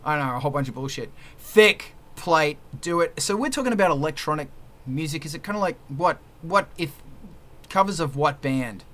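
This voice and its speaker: Bright loud joking man. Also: on the high side, expressive, fairly quick. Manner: joking, crude, loud swings in volume. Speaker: livestream host. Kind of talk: casual chat.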